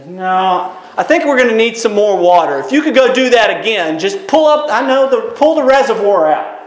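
Bold old prophet, teasing and folksy, high voice that swings widely, as a male preacher puts him on. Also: lively intonation, moderate pace. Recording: roomy echo.

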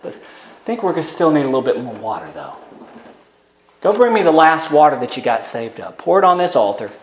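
A preacher voicing a bold, folksy prophet. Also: male voice, a little high, sing-song, brisk, slight background noise, pitched below the performer's own voice. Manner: folksy, challenging, teasing. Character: bold, mocking old male prophet. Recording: roomy echo.

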